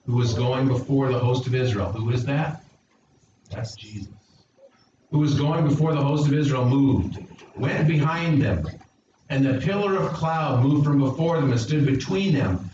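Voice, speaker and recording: A man's voice: mid-range voice, darkish tone. A man preaching a sermon as pastor, reading scripture aloud and giving God's words with rising emphasis. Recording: roomy echo, distant mic, dull sound with background noise.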